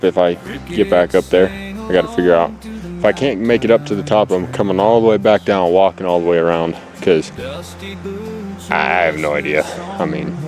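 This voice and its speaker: A man out of breath on a hunting trip, talking to the camera in a rambling, anxious way with lots of fillers, recorded outdoors on a handheld camera. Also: low voice. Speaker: hunter vlogging outdoors. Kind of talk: casual vlog to camera. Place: outdoors in a forest clear cut. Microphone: handheld camera held close.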